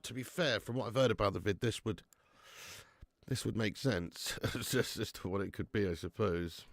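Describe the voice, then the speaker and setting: A man's voice: on the low side, moderate pace, creaky, dry recording. Sick, sweary man hosting a football watch-along. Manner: sweary, blunt banter with viewers. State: sick with flu, sweating. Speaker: football fan channel host. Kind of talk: live match watch-along chat.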